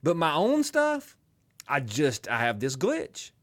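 Middle-aged alabama guy hosting talk radio, twangy, bit high voiced, rambles off on jokey tangents. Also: slow. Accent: Southern US (Alabama). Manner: animated, rambling, joking asides. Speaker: radio talk show host. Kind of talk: casual talk radio banter.

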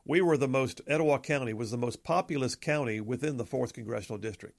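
A man's voice: medium pitch, fast, gravelly, no room sound. A man hosting a casual political talk show, chatty and opinionated with joking asides.

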